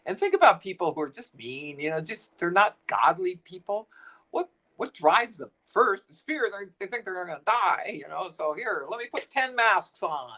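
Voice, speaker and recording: A co-host joins a casual spiritual chat with a mid-range voice. The delivery is halting, stumbling over phrases and repeating words while working through ideas. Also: medium pitch, big pitch swings, pushed and bright, low-quality recording.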